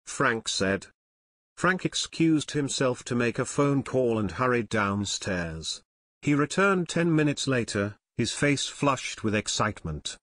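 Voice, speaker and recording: A man narrating an unabridged audiobook in a steady storytelling manner. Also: mid-range voice, a little slow, no echo, clean studio sound. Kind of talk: scripted narration.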